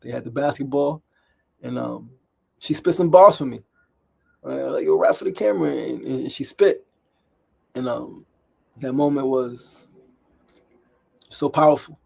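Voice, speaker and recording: A man's voice: mid-range voice, animated, measured pace, vocal fry, long pauses, a little mellow. A middle-aged man hosts a motivational daily talk show, speaking emphatically, repeating himself and often asking "right?". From New York City. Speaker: host.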